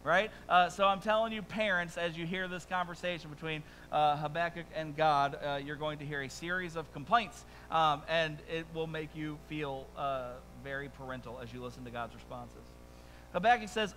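A man preaching a sermon as pastor, conversational and animated, with quick asides and rising emphasis, speaking to a congregation in a church. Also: on the high side, slight background noise, low-quality recording. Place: church sanctuary before a congregation.

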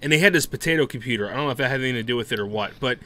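Man, podcast co-host, animated storyteller, laughs often, bright tone. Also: medium pitch, very fast. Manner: animated, laughing, acts out quotes. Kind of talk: casual storytelling chat.

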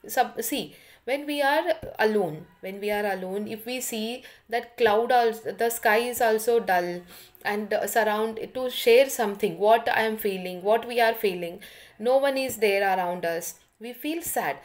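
An online English lesson is led by a woman teacher with an Indian accent, her voice fairly high and her pace measured. She moves through a story line by line, repeating phrases and clarifying the meaning of each word.

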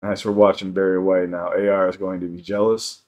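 A man casually chatting on a livestream while high, swearing a lot and reading chat aloud. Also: little pitch movement, fairly quick, darkish tone. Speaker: live streamer.

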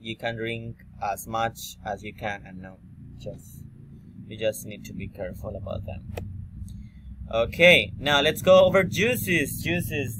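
Slow man, filler-heavy explainer. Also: mid-range voice, a bit bright, no echo. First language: Spanish. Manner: frequent "okay" and fillers, repeats himself. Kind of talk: informal explanatory video talk.

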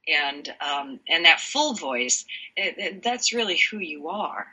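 Bright, husky low-voiced woman. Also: sing-song, takes it slowly, poor audio. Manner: reflective, explains with examples, frequent fillers. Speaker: guest, voice and energy workshop leader. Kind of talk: casual interview chat.

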